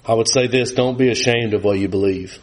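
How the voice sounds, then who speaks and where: A man, preaching a sermon with animated, rising emphasis that drops low and quiet for scripture. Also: brisk. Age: 40s.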